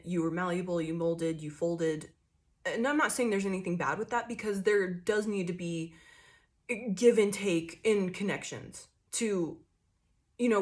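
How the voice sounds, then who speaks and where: A woman giving a casual tarot reading into a desk microphone, swearing freely and laughing often. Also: on the low side. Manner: profane, animated, laughs often, acts out quoted people. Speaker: tarot reader. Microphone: desk microphone that picks up card shuffling.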